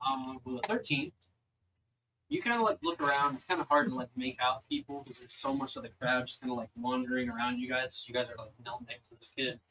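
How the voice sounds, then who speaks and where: A man's voice: mid-range voice, brisk, bright, forceful tone, slight background noise, poor audio. A young man narrating as dungeon master, rambling with many fillers. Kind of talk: narrating a tabletop game.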